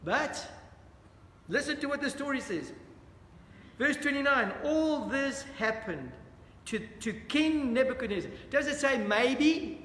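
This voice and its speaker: A man's voice: very high-pitched, lively intonation, unhurried, fairly bright tone. A man leading a Bible study lesson, talking earnestly and putting questions to his listeners. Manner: earnest, questions the audience, repeats "dear friends". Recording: echoey hall with long reverb, faint ambience.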